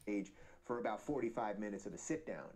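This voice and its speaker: Fast, upbeat male announcer type in a played clip, faint hiss underneath. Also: lowish voice, darkish tone. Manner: upbeat, promotional. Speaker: podcast host in a played clip.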